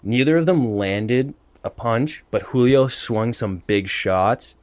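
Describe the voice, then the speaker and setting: A young man co-hosting a podcast, telling an animated story with lots of laughter and acted-out quotes. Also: mid-range voice, slow pace, dry recording. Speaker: podcast co-host. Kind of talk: casual storytelling chat.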